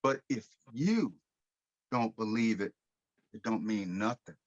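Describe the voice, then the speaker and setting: A middle-aged American man telling his life story in a podcast interview, lively, with casual slang and acted-out quotes. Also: fairly low pitch, slow, no room sound, muffled recording. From United States. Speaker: guest speaker.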